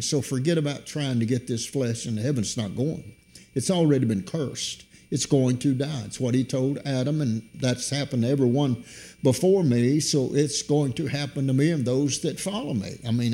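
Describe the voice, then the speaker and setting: A middle-aged man preaching a sermon, his voice jumping up suddenly in pitch and loudness to drive points home. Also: normal speed.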